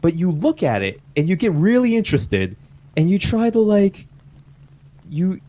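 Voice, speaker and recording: A young man co-hosting a podcast, talking in an animated, reflective way with lots of "like" fillers. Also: sits high, normal speed. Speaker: podcast co-host. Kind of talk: casual chat.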